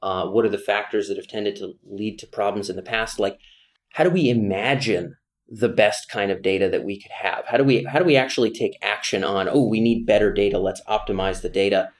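A man's voice: fairly low pitch, brisk. A man hosting an interview, fluently summing up the guest's points and asking follow-up questions. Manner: affirming, paraphrases guest, fluent. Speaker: podcast host. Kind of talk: conversational interview.

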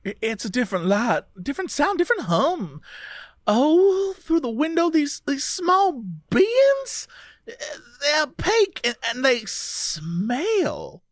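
A woman's voice: high-pitched, big pitch swings, no echo, clean studio sound, full character voice. A woman putting on a frightened, stammering Louisiana girl. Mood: uneasy. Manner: halting, stammering, breathless recounting. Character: frightened young woman under hypnosis.

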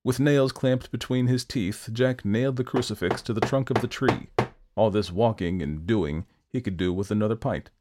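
Low-voiced male storyteller. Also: normal speed. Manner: steady, expressive folktale telling. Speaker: narrator. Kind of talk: storytelling narration.

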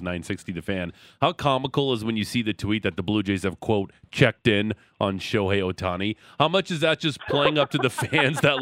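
A man hosting a sports radio show, speaking in a lively, playfully mocking way. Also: lowish voice, dry recording.

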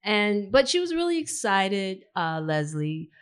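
A woman's voice: medium pitch, unhurried, clean tone. A woman author at a live reading, telling a chatty anecdote to the audience. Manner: chatty storyteller, animated voices for dialogue. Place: live reading event indoors.

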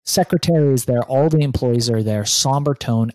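A middle-aged man telling a lively story as an interview guest, acting out his own thoughts and swearing freely. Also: mid-range voice, fairly quick, hardly any pauses, no room sound. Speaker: guest entrepreneur. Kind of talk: animated storytelling in conversation.

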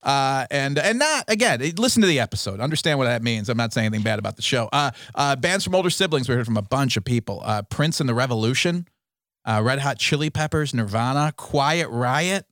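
This is an upbeat man co-hosting a podcast, chatting casually with his partner. His voice sits at an ordinary middle pitch. The sound is dry and close, with no room echo. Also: animated, brisk, fairly bright tone. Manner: enthusiastic, chatty, laughs often. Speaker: podcast co-host. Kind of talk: casual chat.

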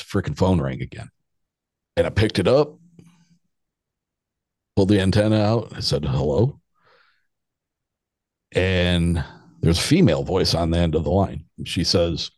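A man's voice: low-pitched, a little mellow, no echo, studio quality. A man in his fifties telling a casual personal anecdote, rambling along with restarts and chuckles. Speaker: storyteller.

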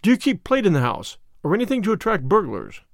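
A man reading an audiobook, voicing a calm, authoritative detective with a measured manner. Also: sits high, creaky, dry recording, clean studio sound, full character voice. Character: sharp, commanding male detective, calm and cryptic.

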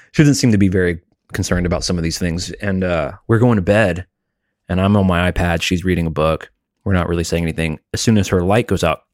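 A man's voice: low voice, no room sound, studio quality. A man in his forties, a podcast co-host, telling candid and emotional stories about his family in casual chat.

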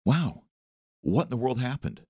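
A man hosting a morning show, telling a story in casual chat, animated, with frequent hesitations and restarts. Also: medium pitch, normal speed, dry recording, studio quality.

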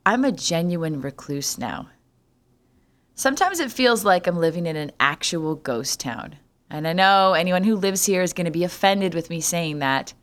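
A woman's voice: lowish voice, fairly bright tone. A young adult woman from Canada hosting a solo podcast, talking in a sarcastic, jokey way and swearing freely. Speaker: podcast host.

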